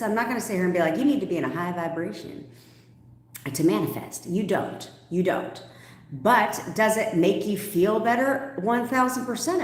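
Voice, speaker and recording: A woman coach answering viewer questions on a livestream, blunt and animated, swearing freely and laughing often. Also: mid-range voice, roomy sound. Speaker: manifestation coach.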